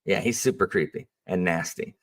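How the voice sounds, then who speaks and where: A low-pitched man talks casually about his teaching, animated and rambling, with plenty of fillers. He sits at some distance from the microphone. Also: moderate pace. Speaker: history teacher. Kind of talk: casual storytelling chat.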